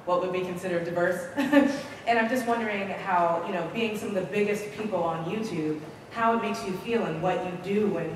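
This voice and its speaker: A woman's voice: mid-range voice, a little fast. A woman from Kentucky in the audience asking a friendly, slightly nervous, rambling question. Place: large convention hall. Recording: echoey hall from far off, noisy.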